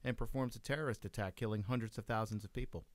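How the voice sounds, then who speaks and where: A man co-hosting a casual podcast, throwing in quick wisecracks and blunt, profane asides. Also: on the low side, fairly even intonation, dry recording. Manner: quick wisecracking interjections, swears. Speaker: podcast co-host.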